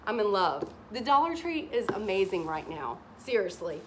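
A woman chatting to camera in a shopping haul video, gushing and giddy with excitement. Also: medium pitch, normal speed, background noise. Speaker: haul vlogger.

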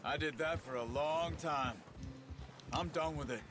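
An actor playing a weathered Old West outlaw who talks in a slow, plainspoken drawl. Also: male voice, on the high side, background noise, lightly acted. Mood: reflective. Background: loud game music.

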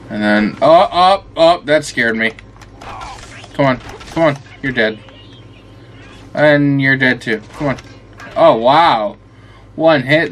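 A drowsy man commenting on a video game in a loose, rambling way, swearing freely and chatting at the characters on screen. His delivery is slow and dragging, as though he needs a nap. His voice sits at an ordinary middle pitch for a man. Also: a bit bright, a little hiss or hum. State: tired and yawning. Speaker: gameplay commentator. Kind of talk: casual let's-play commentary.

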